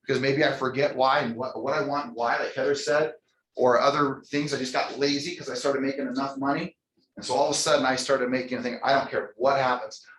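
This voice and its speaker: A man leading a motivational real estate sales training for a live audience, energetic and preachy, calling on people by name. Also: mid-range voice, fast talker. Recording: echoey room.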